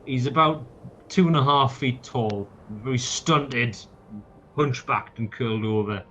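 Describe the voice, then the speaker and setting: A man's voice: medium pitch, unhurried, a bit bright, a little hiss or hum. A man narrating a tabletop game as game master, casual and peppered with swearing and fillers, on a dull lo-fi mic.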